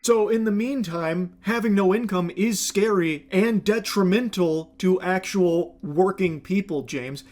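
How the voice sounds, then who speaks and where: A man's voice: high voice, a little slow, few pauses, darkish tone. A man delivering critical video commentary in a sarcastic, scolding tone. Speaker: commentary YouTuber.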